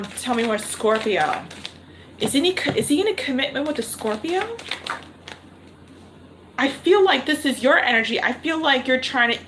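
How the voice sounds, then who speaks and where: A woman gives a live-streamed tarot reading, thinking aloud and repeating her questions to spirit. Her voice is high-pitched and fairly bright, and the poor audio carries a little hiss or hum.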